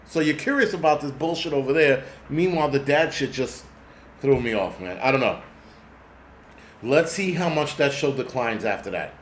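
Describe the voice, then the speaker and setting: A man's voice: mid-range voice, lively intonation, normal speed. A man rants on his own show in a loose, swearing, meandering way, often losing the word he wants. His voice sits in an ordinary middle range. The room is echoey with a faint hum of ambience. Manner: profane, rambling, loses track of words. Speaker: prepper channel host. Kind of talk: casual ranting monologue.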